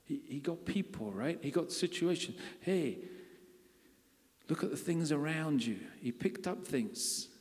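A man's voice: fairly high pitch, lively intonation, a little slow, a little mellow. A man preaching a sermon in a conversational way, often putting questions to his congregation. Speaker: pastor. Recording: long hall reverb.

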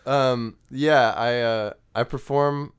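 A man's voice: medium pitch, steady tone, slow pace, clear, resonant tone. A young man in his twenties, a musician guest in a podcast interview, who rambles with lots of "like" and false starts. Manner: rambling, full of "like" and restarts.

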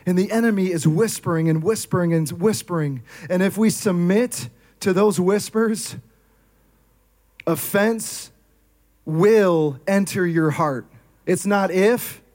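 High-voiced man preaching a sermon. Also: slow pace, long pauses. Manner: energetic, asks the crowd questions. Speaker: pastor.

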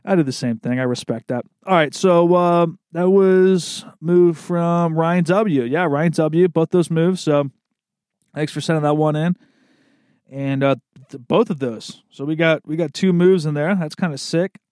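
A man's voice: fairly high pitch, a little slow, darkish tone, clear, resonant tone, no echo, clean studio sound. A man hosting a podcast in casual chat. He talks loosely, swears often and laughs a lot. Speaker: podcast host.

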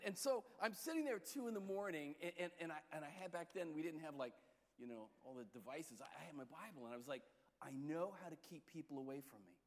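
A man preaching a sermon and telling stories, with lively shifts between soft and loud delivery. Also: big-room sound. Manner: storytelling, lively shifts in pitch and loudness. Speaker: pastor.

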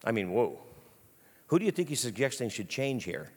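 A man preaching an animated sermon, telling stories in a lively, casual way. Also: mid-range voice, moderate pace. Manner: lively, storytelling, casual slang. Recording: long hall reverb.

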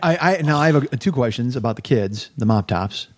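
A man co-hosting a podcast, excitedly retelling film scenes in casual conversation. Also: mid-range voice, a little fast. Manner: excited, animated retelling with acted-out quotes. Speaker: podcast co-host.

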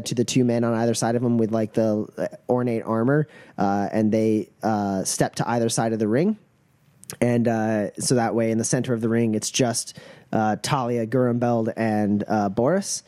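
A man narrating a tabletop role-playing game as game master, pausing often with "uh" and "like". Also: medium pitch, fairly even intonation, dark tone. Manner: hesitant, full of "uh" and "like".

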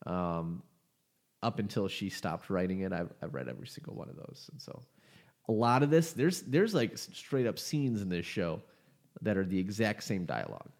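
Laid-back young man, low voice. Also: sing-song, normal speed, creaky, darkish tone. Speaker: podcast co-host. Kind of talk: casual chat.

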